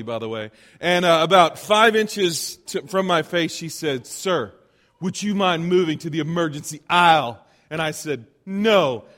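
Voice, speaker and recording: A man doing stand-up storytelling on a stage with a handheld microphone, with animated, self-deprecating anecdotes and acted-out quotes. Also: high voice. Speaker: comedian. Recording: long hall reverb.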